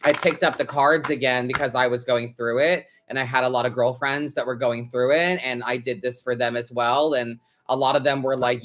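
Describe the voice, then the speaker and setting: A man's voice: medium pitch, fairly even intonation, normal speed, fairly bright tone. A man hosting a live tarot stream, talking in a loose, chatty way full of "like" fillers, casual swearing and frequent laughter. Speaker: tarot reader, host.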